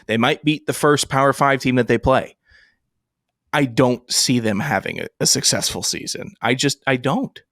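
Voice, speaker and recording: A man's voice: mid-range voice, normal speed, a bit bright, dry recording. Emphatic man, mid voice, dry mic. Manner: emphatic, repetitive, builds rhetorical lists. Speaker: podcast co-host. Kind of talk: casual sports chat.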